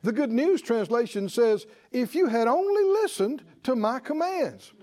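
A man preaching a sermon, emphatic and animated, stretching out key phrases and rising to exclamations. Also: very high-pitched, a little slow.

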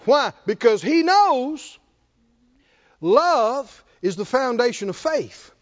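A man's voice: very high voice, slow pace, muffled recording. A man preaching a sermon, asking the congregation questions and chuckling often. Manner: animated call-and-response preaching, chuckling often. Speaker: pastor.

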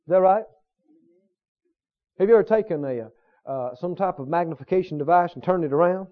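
A man's voice: high voice, a little fast, lo-fi sound. A man preaching a sermon emphatically, repeating his points and asking the congregation questions. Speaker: pastor.

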